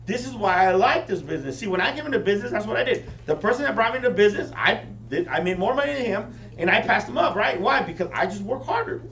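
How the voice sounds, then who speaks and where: A man giving a high-energy motivational training talk to a live audience, often checking in with them. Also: quick pace, few pauses. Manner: energetic, keeps asking the crowd "right?". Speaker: business team leader training recruits. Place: meeting room with an audience. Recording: echoey room, distant mic, faint hum.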